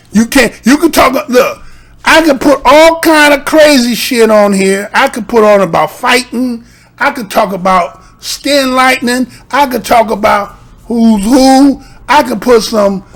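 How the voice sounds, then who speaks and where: A man's voice: very high voice, a bit bright. A man giving casual, profane vlog commentary, rambling and argumentative, leaning on rhetorical tags like "right?" and "you understand?". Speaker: YouTube commentator.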